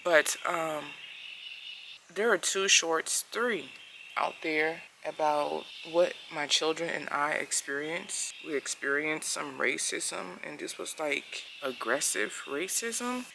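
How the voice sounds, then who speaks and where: A woman's voice: low-pitched, vocal fry, noisy background. A woman telling a personal story casually to camera, earnest and emphatic, acting out the lines she quotes. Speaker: family vlogger.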